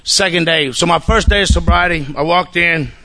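A man's voice: a little high, moderate pace, vocal fry, pushed and bright. A man telling his own sobriety story at a recovery gathering, casual and profane, often checking in with "you know what I'm saying.". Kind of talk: recovery meeting testimony.

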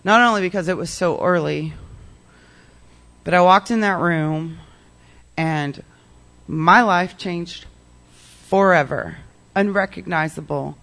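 Candid, animated recovery-meeting speaker; mid pitch, conversational, acts out dialogue. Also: takes it slowly, vocal fry, long pauses. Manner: peppers speech with "like" and "you know". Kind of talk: personal recovery story told to a meeting.

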